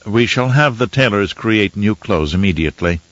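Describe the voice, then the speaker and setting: A calculating advisor speaks in a measured, persuasive way, as a man reads him in an audiobook. The voice is low and the recording is dull and dry. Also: lively intonation, a bit bright, no room sound.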